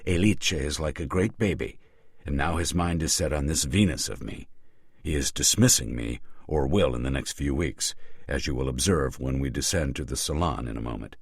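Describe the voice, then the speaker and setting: A man's voice: extremely low pitch, normal speed, breathy edge, dry recording, clean studio sound, exaggerated voice. A man reading an audiobook and voicing a frank, teasing Roman courtesan woman. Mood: blunt.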